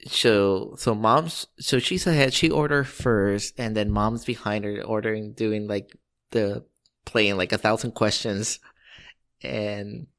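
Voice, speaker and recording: A man's voice: fairly low pitch, slow, a bit bright. A man co-hosting a podcast who tells a long, profane anecdote in a loose, rambling way. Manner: rambling, profane, restarts often. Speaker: podcast co-host. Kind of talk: casual storytelling chat.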